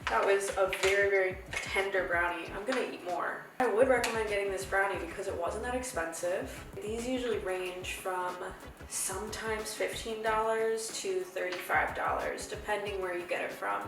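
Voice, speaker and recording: A woman's voice: mid-range voice, normal speed. Chatty young woman in an echoey room. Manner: chatty, rambling, playful. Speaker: host reviewing edibles. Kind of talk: casual review vlog. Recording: echoey room from far off with music.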